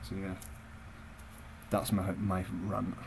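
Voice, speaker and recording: A man's voice: deep voice, completely flat delivery, takes it slowly, creaky, darkish tone, a little hiss or hum, poor audio. Sweary young man ranting. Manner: blunt, sweary, conversational. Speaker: vlogger. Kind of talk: profane storytelling rant.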